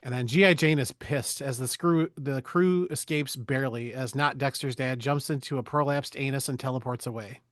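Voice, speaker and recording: A man's voice: mid-range voice, normal speed, few pauses, dry recording, clean studio sound. A man hosting a podcast, giving a casual, crude, joking recap of a movie plot.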